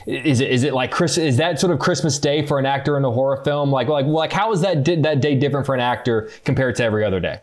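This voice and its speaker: A man's voice: mid-range voice, quick pace, few pauses. A man co-hosting a podcast who asks rambling, eager questions in a casual interview. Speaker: podcast co-host.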